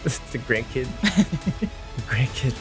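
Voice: medium pitch, level tone, slow, over music. An improv comedy co-host who giggles a lot, hesitates and repeats words.

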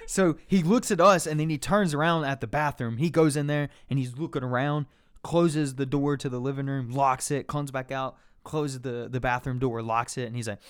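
A man's voice: mid-range voice, steady tone, normal speed, clean tone, no room sound, studio quality. A man telling a story casually among friends, loose and profane, often laughing.

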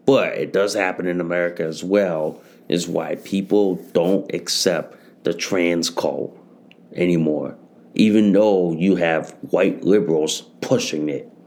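A man talks slowly in a low, gravelly voice, hosting his own podcast alone. He keeps repeating phrases and swears freely. He comes across as worn out. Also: darkish tone. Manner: repeats phrases, swears often, addresses listeners as guys. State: tired. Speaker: podcast host. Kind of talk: solo podcast monologue.

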